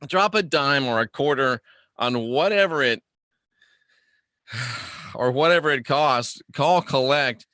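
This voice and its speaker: A man's voice: mid-range voice, slow pace, long pauses, sharp tone, dry recording, clean studio sound. A man hosting a casual livestream monologue, rambling and joking as he answers viewer comments. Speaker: host.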